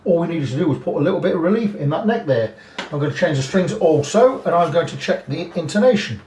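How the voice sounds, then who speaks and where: A man's voice: fairly high pitch, animated, fast, a little mellow, slight background noise. A man working as a guitar repair technician, talking casually through a setup and thinking aloud with frank asides. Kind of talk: casual workshop demonstration. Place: guitar workshop. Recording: roomy workshop, mic at a distance, faint music.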